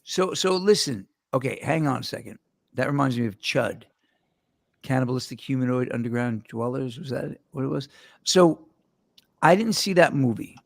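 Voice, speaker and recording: Gravelly-voiced man rambling on a podcast. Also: medium pitch, animated, moderate pace, no room sound. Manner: rambling, jokey storyteller. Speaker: host. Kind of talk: casual podcast banter.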